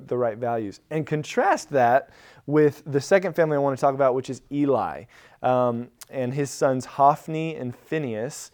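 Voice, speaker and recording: A man's voice: mid-range voice, darkish tone. A man preaching a sermon as a pastor, in a casual, conversational manner with frequent fillers and restarts.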